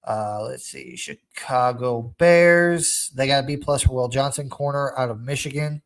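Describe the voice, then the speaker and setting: A young man hosting a casual sports podcast, talking in an animated, rambling fan rant. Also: medium pitch, a little slow, vocal fry. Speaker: podcast host.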